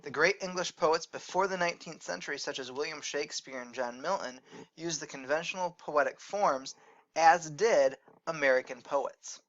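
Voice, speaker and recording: Measured male teacher, slightly high voice. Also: a bit bright, lo-fi sound. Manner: explanatory, measured, corrects his own slips. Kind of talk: recorded lecture on poetry.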